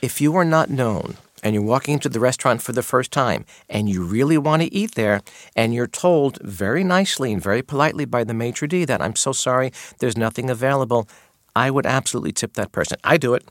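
A man's voice: medium pitch, animated, fast, dry recording, studio quality. A man guest on a radio interview, a maitre d' who tells candid stories from the dining room and acts out exchanges with customers.

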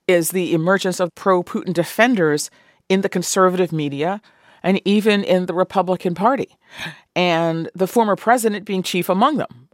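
A woman's voice: lowish voice, dry recording. Woman radio host, dry close sound. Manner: measured, probing questions. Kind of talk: news interview.

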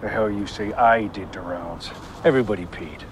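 An actor playing the gruff, domineering eldest brother of a crime family, with a rural Minnesota accent, in a TV drama clip with street noise behind. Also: male voice, lowish voice, moderate pace, natural voice. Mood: menacing. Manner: gruff, demanding, menacing.

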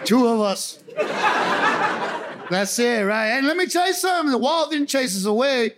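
On a comedy club stage, a man with a very high, expressive voice performs stand-up at a moderate pace, using punchy slang with a laugh in his voice. The live recording carries club audience and crowd noise.

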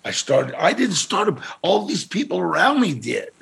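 An older man with a very rough, gravelly voice and a fair bit of fry. He talks in halting bursts, repeating words before he lands on a thought, and gets animated when he quotes other people. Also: sits high. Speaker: actor, interview guest. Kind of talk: casual storytelling.

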